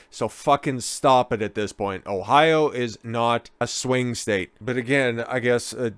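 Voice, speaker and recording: A man's voice: mid-range voice, no echo. A man doing a profane, sarcastic and combative political commentary rant. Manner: mocks others in put-on whiny voices.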